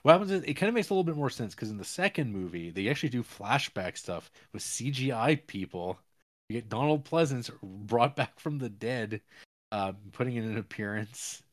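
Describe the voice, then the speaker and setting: A man's voice: mid-range voice, lively intonation, brisk. A man hosting a podcast, chatting casually as he retells a movie's plot in a loose, rambling way. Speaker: podcast host. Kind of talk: casual movie-recap chat.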